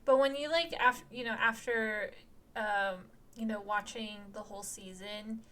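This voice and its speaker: A woman's voice: medium pitch, steady tone, measured pace, a bit bright. A woman co-hosting a casual film discussion podcast, easygoing and a little dry. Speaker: podcast co-host.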